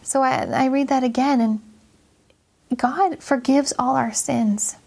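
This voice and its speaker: A woman's voice: high voice, steady tone, slow pace, vocal fry, darkish tone, breathy edge. A woman nurse earnestly sharing a personal faith story in a casual chat, reflective and full of fillers.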